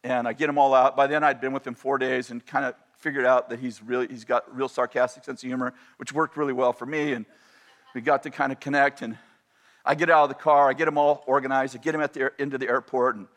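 A man telling a personal story in a sermon, animated and self-interrupting, often repeating and restarting his phrases. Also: medium pitch, fast talker.

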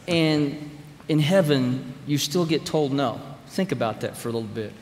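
A man's voice: medium pitch, animated, unhurried, a little mellow, slight background noise. A male preacher recounts a family story to his congregation. His delivery is conversational and emphatic, often turning to address the room directly. His voice carries with a long hall reverb over faint room ambience. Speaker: pastor or church speaker. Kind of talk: sermon storytelling. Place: church sanctuary with an audience.

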